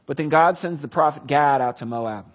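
Man, Bible teacher, husky and slightly high, lively storytelling. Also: normal speed. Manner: animated, conversational. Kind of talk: casual Bible storytelling with commentary.

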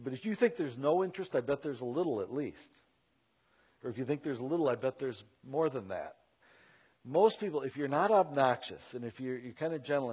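A man telling a story to an audience in an animated, conversational way, with many fillers and asides. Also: mid-range voice, breathy edge. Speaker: Christian speaker. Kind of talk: storytelling talk.

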